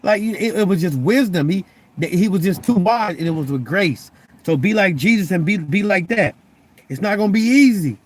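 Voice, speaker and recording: A man's voice: sits high, animated, normal speed. A young man preaching in a casual, conversational way, often stammering and repeating words as he presses his point. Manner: loose, conversational, keeps asking "you know what I'm saying". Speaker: Christian vlogger.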